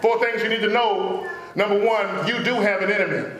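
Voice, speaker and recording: A man a call-and-response sermon, drawling asides and sudden shouts. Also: high-pitched, fairly even intonation, brisk, very noisy. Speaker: pastor. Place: church sanctuary. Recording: very echoey church hall.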